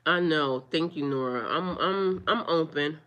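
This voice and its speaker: A woman talking live to her viewers, firmly scolding trolls in a preachy, drawn-out way. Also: sits low, a bit bright, dull audio. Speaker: livestreamer. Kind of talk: live-stream chat with viewers.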